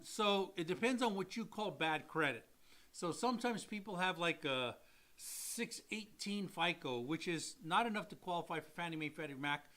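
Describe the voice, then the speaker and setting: A middle-aged man who works as a loan officer, co-hosting a casual livestream and answering viewer questions in an animated, salesy way. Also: high-pitched.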